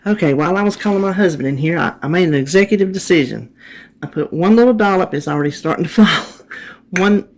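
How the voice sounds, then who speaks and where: A woman with a lowish voice talks fast as she hosts her own cooking channel from her home kitchen. It's a casual cook-along demo, with her chatting viewers through each step of the recipe.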